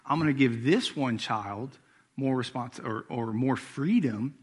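Speaking at a measured pace with a breathy edge to his medium-pitched voice, a middle-aged man delivers a sermon as executive pastor. He shares family stories conversationally, performing the quoted lines as he goes.

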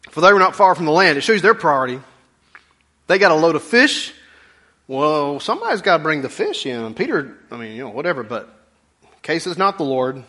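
A pastor preaching a sermon in a folksy, humorous way, swinging between loud bursts and hushed asides. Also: male voice, fairly high pitch.

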